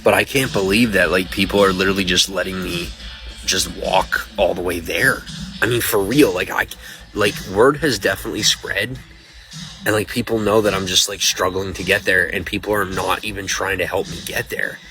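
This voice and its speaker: A worn-out man with a low voice talks on a late-night livestream from his phone, rambling and emotional. He sounds spent and trips over his words. Loud music plays from a nearby speaker in the restaurant. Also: steady tone, normal speed, low-quality recording. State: exhausted.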